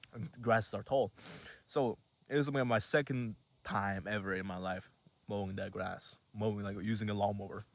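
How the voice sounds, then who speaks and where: A man's voice: on the low side, fairly even intonation, moderate pace, gravelly. An 18-year-old man telling a rambling, casual story to camera, full of fillers and swearing. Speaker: vlogger.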